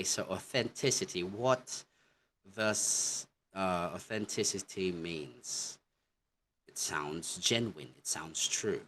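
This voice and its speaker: Slow, deep-voiced male English teacher. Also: sharp tone, a little hiss or hum. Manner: slow, halting explanations with many "okay, so". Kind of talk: online lesson on slides.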